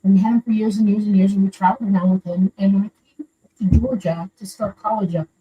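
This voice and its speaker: A woman's voice: medium pitch, fast talker, dull audio. Rambling older woman telling a story. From Florida, USA. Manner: rambling, animated, earnest. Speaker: caller sharing a story. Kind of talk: casual storytelling. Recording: distant mic with faint background noise.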